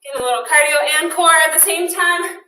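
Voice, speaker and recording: A woman's voice: sits high, fairly quick, background noise. A woman, coaching a live workout class, upbeat and chatty, counting down reps while out of breath. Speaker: fitness instructor. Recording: echoey room from a distance.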